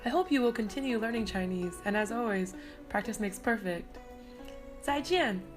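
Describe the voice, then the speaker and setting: A woman explaining language tones slowly and carefully in an instructional video. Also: mid-range voice. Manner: slow, careful, stressing each tone. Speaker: language teacher. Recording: echoey, distant mic with music.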